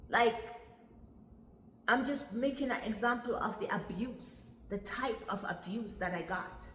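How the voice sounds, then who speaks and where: A woman, telling a personal story from her childhood in an earnest way, often repeating her words and pausing. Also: fairly high pitch, fairly bright tone. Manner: earnest, repeats phrases, long pauses. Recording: echoey room with long reverb, faint background hiss.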